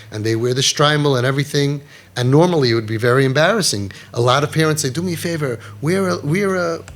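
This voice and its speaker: A male parenting coach delivers a passionate talk with an animated, emphatic delivery. His voice sits a little higher than most men's, and he drops Yiddish and Hebrew terms into his English.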